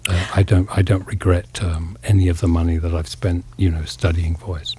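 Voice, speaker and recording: An English actor giving an interview, speaking thoughtfully and haltingly with many pauses and fillers. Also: male voice, sits low, little pitch movement, warm tone, slightly rough. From England. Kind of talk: reflective interview talk.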